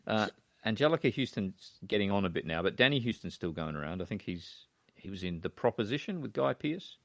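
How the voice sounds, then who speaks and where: Deep-voiced man chatting about films. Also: very animated, vocal fry, fairly bright tone, dry recording. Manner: hesitant, trailing off into pauses. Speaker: podcast co-host. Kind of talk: casual film discussion.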